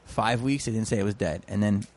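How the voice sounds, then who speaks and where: A man's voice: on the low side, fairly quick, a little mellow. A man, a comedian and actor, chatting casually and telling rambling stories, acting out quotes along the way. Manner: rambling storyteller, acts out quotes. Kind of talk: casual podcast chat.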